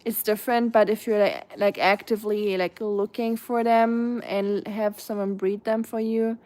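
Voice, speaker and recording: A woman's voice: medium pitch, fairly even intonation, normal speed, darkish tone. A young woman with a German accent, chatting casually on a live stream and answering viewers' comments, rambling with many fillers and restarts. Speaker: live streamer reading chat.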